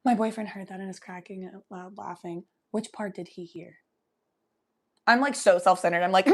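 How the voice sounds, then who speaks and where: Giggly, profane woman with a gravelly creak. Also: lowish voice, fairly even intonation, normal speed, long pauses. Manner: giggly, profane, loose and chatty. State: high from smoking weed. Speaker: livestream host. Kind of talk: casual chat reading viewer comments.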